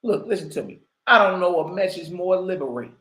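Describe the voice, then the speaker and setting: A man with a notably high voice holds forth in slang, hammering home points with rhetorical questions. His casual commentary slides into a preacher's delivery. The sound is roomy and echoing. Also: animated, brisk, fairly bright tone. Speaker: online commentator and religious teacher.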